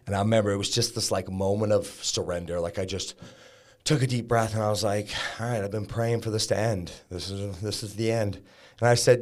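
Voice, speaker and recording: A deep, low-pitched man speaks as a podcast guest. He tells his story candidly and casually, with plenty of likes and blunt language along the way. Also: fairly even intonation, fairly quick, darkish tone. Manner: frank, conversational, peppered with likes and profanity. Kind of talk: candid storytelling about recovery.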